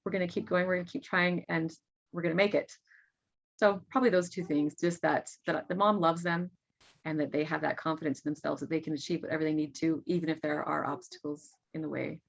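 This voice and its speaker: A woman's voice: low voice, steady tone, quick pace, creaky. A middle-aged mother talking earnestly as a podcast guest, often laughing. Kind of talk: casual interview talk. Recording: dull lo-fi sound.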